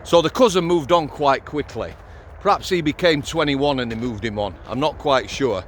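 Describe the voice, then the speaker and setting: This middle-aged ex-prison officer runs a vlog channel and tells casual stories in a blunt, foul-mouthed way. He's outside, with light street noise in the background, and speaks at normal speed in a medium-pitched voice.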